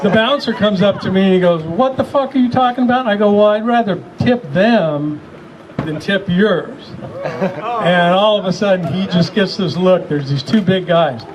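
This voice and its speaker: A man's voice: sits high, unhurried. A man telling bawdy, laughing stories to a crowd at a memorial gathering. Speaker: speaker at a memorial. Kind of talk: joking storytelling to a crowd.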